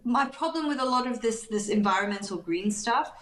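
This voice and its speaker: An outspoken woman speaks as a radio discussion guest, her pitch swinging widely as she presses her points. The room adds a clear echo around her voice. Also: lively intonation, fairly quick, a bit bright. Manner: emphatic, outspoken. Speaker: panel guest.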